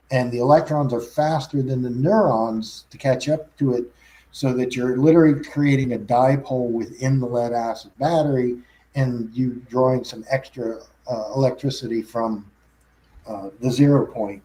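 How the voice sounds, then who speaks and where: Talk show guest, male, mid-pitched, rambling delivery full of restarts. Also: mellow, poor audio. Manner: rambling, frequent restarts and self-corrections. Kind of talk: casual chat.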